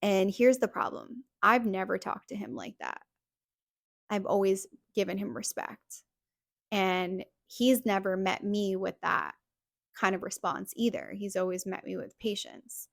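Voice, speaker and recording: A woman's voice: medium pitch, fairly even intonation, a little slow, gravelly, no echo, clean studio sound. A young woman hosting a podcast, telling a personal story in a casual, chatty way full of "like" fillers. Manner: chatty, heavy use of "like" fillers. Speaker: podcast host.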